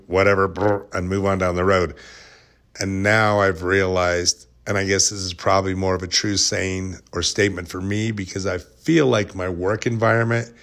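A man's voice: fairly low pitch, a bit bright. A man hosting a podcast, telling stories in a rambling, jokey, self-deprecating way. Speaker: podcast host. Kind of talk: casual storytelling monologue.

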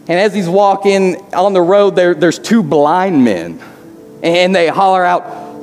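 A man preaches a sermon in a church sanctuary, speaking with earnest conviction. His voice sits a little high for a man, and he tends to repeat words as he gets a thought going. A long hall reverb hangs on his words, with faint music underneath. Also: unhurried, darkish tone. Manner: earnest, repeats words when starting phrases. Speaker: pastor.

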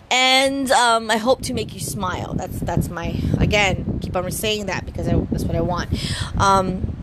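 An animated woman in her thirties vlogs casually from her room, speaking into her phone. Her voice rises and dips with playful inflection in a mid-range register. The phone recording carries a steady layer of background noise. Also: mid-range voice, a little slow. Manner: animated, lots of vocal inflection. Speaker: vlogger. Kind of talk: casual chat.

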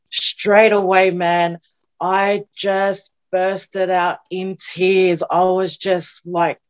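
A young woman giving an emotional personal testimony as an interview guest, earnest and halting, often repeating herself, at times near tears. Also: mid-range voice. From New Zealand.

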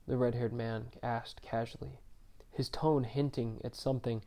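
A man narrating a story in a measured, subdued reading. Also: medium pitch, steady tone, mellow.

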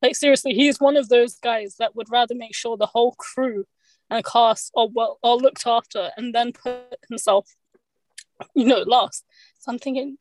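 Chatty woman, high-ish voice. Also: moderate pace, no echo, low-quality recording. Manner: chatty, rambling, many fillers and restarts. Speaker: podcast co-host. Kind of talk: casual chat.

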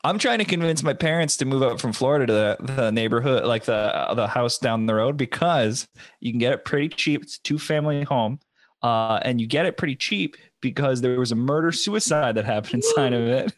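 A man rambles through a story on a casual podcast, full of fillers and restarts. His voice sits at a middle pitch. The sound is dry and close. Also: brisk, no echo. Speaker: podcast host. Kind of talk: casual chat.

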